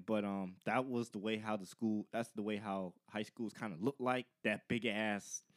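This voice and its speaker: A young man co-hosting a casual comedic podcast chat, telling stories and acting out his classmates' taunts loudly. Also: fairly low pitch, normal speed, no room sound, clean studio sound. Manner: animated storytelling, acts out classmates' taunts loudly. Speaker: podcast co-host.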